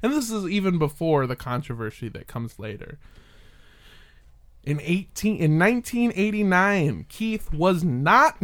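A podcast host in casual chat, sarcastically debunking claims, swearing and laughing along the way. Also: mid-range voice.

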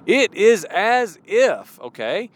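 A man with a high, sing-song voice preaches an informal sermon at a slow pace, speaking conversationally. He poses rhetorical questions and acts out imagined voices, recorded outdoors near traffic.

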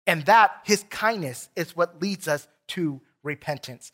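A pastor with a Texan accent preaching an earnest, emphatic sermon in a church and reading scripture aloud. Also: male voice, fairly high pitch, unhurried, hardly any pauses, a bit bright. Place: church sanctuary.

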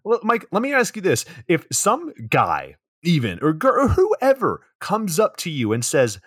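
A man's voice: high-pitched, wildly swooping pitch, measured pace, hardly any pauses, a bit bright, slightly rough, no room sound, clean studio sound. A man co-hosting a podcast, recapping a movie in a crude, sarcastic way. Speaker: podcast co-host. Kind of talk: casual comedic movie recap.

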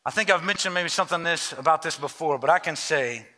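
Male pastor, high and very bright voice, chatty joking sermon delivery, long hall reverb. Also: fast talker. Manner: conversational, joking preacher who turns earnest. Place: church sanctuary.

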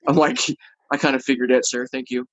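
A man's voice: mid-range voice, brisk, no room sound, dull audio. A man telling a long story in casual chat and acting out the people in it. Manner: animated, acts out the people in his story.

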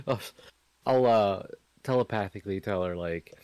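A man's voice: on the low side, unhurried, darkish tone, dry recording. A man playing a tabletop game, talking hesitantly with many uhs. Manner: hesitant, starts with uh. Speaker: player. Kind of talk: tabletop role-play.

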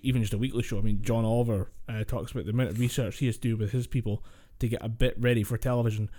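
A young man with a warm, mellow voice at a middle pitch. He co-hosts a casual podcast, pausing on ums and uhs and breaking into laughs. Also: fairly even intonation. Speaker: podcast co-host. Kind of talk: casual chat.

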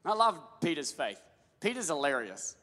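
A male pastor preaching a sermon, building to shouts and calling on the crowd to answer back. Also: on the high side, sing-song, moderate pace. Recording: long hall reverb.

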